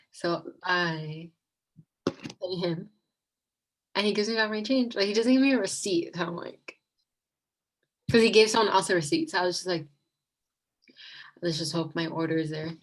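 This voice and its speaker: A woman's voice: lowish voice, rough recording. A young woman telling a rambling storytime over a video call, packed with "like" and giggles. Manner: rambling, fillers like "like" a lot, giggly. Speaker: vlogger. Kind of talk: casual storytime.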